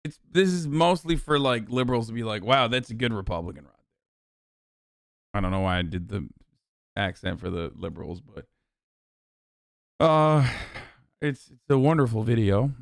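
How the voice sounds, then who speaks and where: Fast, profane male streamer. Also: mid-range voice, vocal fry, no echo, clean studio sound. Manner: fast, profane, sarcastic, animated. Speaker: streamer and political commentator. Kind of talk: live stream reaction commentary.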